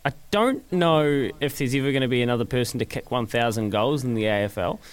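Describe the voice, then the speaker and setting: Lively New man co-hosting. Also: mid-range voice, fairly quick, smooth. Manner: lively, jokey banter. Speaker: podcast co-host. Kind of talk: casual sports chat.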